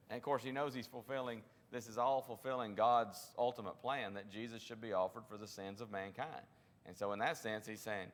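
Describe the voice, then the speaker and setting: A man's voice: mid-range voice, a little fast, a bit bright, long reverb tail. A man leading a Bible study, teaching conversationally, often restarting his sentences and acting out quotes. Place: church classroom.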